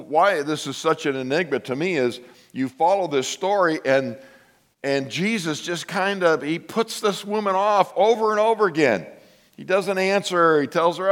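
Man preaching an animated sermon. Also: mid-range voice. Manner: animated storytelling, acts out quoted voices. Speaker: pastor.

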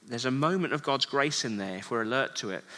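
Earnest preacher with a bright voice. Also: male voice, medium pitch, quick pace, big-room sound. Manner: earnest, many rhetorical questions. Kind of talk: sermon.

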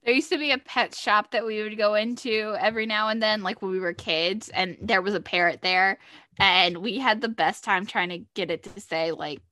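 A woman's voice: medium pitch, normal speed, pushed and bright, no echo, clean studio sound. A woman co-hosting a casual podcast, chatting about a TV show with trailing asides. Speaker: podcast co-host.

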